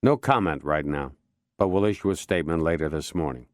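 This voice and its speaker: A male narrator voicing a weary, restrained police inspector in his own deep voice. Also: animated, fairly quick, no room sound, clean studio sound. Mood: tense. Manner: restrained, tense.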